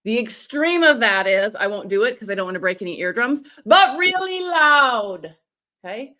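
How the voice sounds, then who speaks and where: A woman's voice: mid-range voice, animated, fast talker, bright, forceful tone. A middle-aged woman coaching storytelling on a live stream, demonstrating voices and reading out viewer comments.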